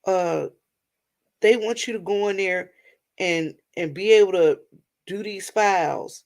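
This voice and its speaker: A woman's voice: medium pitch, measured pace, darkish tone. A middle-aged woman, chatting and rambling to her viewers in a casual vlog. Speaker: vlogger. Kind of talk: casual storytelling vent to viewers.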